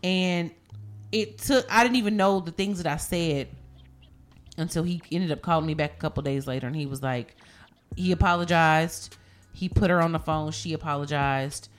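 A woman in casual chat, telling stories with heavy profanity and animated, rising outbursts. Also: low-pitched, normal speed.

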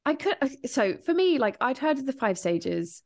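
A woman guest on a podcast talking in a casual interview chat, rambling and animated, laughing often and swearing freely. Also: sits high, normal speed. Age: adult, grieving since 1998. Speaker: guest, grief podcast host and author.

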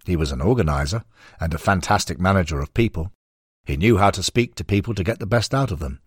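Former footballer remembering his old manager, read by a male narrator; measured, low and husky. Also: lively intonation, dry recording, studio quality. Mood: recalling.

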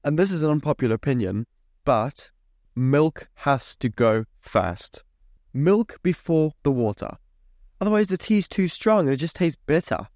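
A man's voice: on the high side, animated, a little slow, a little mellow, no echo. Young guy ranting into a dry close mic, swears a lot, fake outraged. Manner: ranting, sweary, mock-indignant. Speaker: podcast host. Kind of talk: solo podcast rant.

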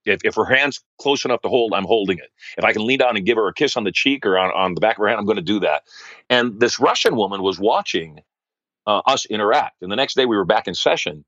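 Middle-aged male guest, deep-ish, lively storytelling, dry muffled podcast audio. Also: fast, dry recording. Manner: animated storyteller, acts out quoted voices. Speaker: guest, wealth coach. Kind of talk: storytelling interview answers.

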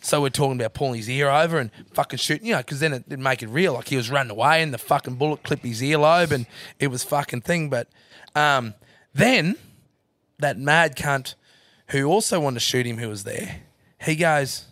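A man's voice: mid-range voice, normal speed, no echo, clean studio sound. A man telling a long wild story as a podcast guest, swearing freely and acting out what everyone said. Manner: animated yarn-teller, swears freely, acts out others' lines. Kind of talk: casual storytelling chat.

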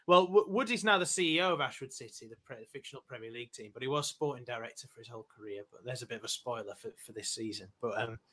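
Chatty man with a bright voice. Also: medium pitch, very fast, hardly any pauses. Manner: chatty, self-deprecating, stumbling restarts. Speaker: guest. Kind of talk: casual podcast chat.

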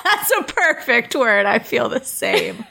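A woman talking with a very lively, swooping voice that sits a little high. She chats casually and emphatically, swearing freely and acting out what people said. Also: takes it slowly, vocal fry. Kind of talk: casual podcast chat.

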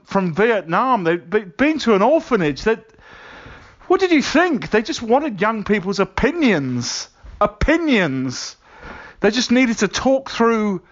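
An exasperated man scolds his friend in a high, stammering voice. The sound is a little dull and muffled, fitting a comedy sketch. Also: heavily acted.

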